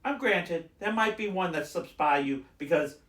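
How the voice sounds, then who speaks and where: A man's voice: high voice, normal speed, reverberant, recorded from a distance. A man hosting a podcast, chatting casually and acting out clerks as he tells a story. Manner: animated storyteller, acts out store clerks, swears casually. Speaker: podcast host. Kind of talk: casual chat.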